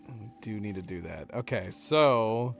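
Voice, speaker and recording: A man's voice: lowish voice, unhurried, gravelly, soft background music. Chatty man thinking aloud over gameplay. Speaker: let's-play host. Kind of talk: casual gameplay commentary.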